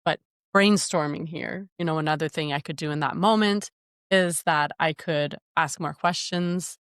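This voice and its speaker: A woman's voice: deep voice, vocal fry, a bit bright, no room sound, studio quality. Thoughtful woman thinking aloud on a podcast. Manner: thinks aloud, brainstorming with "you know". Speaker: podcast co-host. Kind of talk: reflective casual podcast talk.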